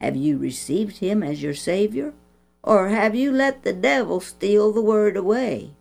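Woman storyteller, slow and gravelly, lively pitch, soft music behind. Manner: expressive, preachy. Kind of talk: Christian children's story reading.

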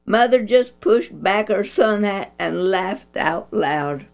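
A woman reading a Christian children's story aloud with an expressive, preachy manner. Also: medium pitch, takes it slowly, hardly any pauses, faint music behind.

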